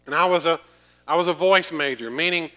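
A middle-aged pastor preaching a sermon, earnest and emphatic, with dry asides. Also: male voice, on the high side, brisk, pushed and bright.

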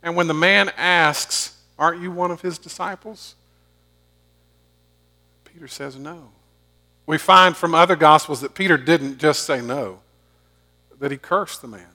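A man preaching a sermon, telling stories and swinging from loud emphatic bursts to hushed low asides. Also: a little slow, pauses often. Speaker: pastor.

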